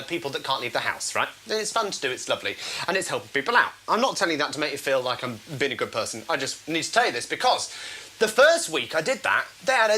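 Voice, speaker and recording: Lively, bright-voiced comedy host man. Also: fairly high pitch, poor audio. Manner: playful, self-mocking, quick to laugh. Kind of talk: casual live show chat.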